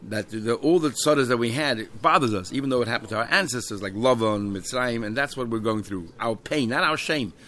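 A man's voice: medium pitch, fairly quick, hardly any pauses, fairly bright tone. Man explaining a Talmud text. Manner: reads Aramaic phrases then translates them, with many fillers. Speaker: Talmud teacher.

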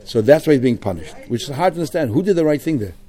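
A man's voice: mid-range voice, animated, very fast, warm tone. A man teaching a Talmud class, reading phrases in the original and then explaining them in English.

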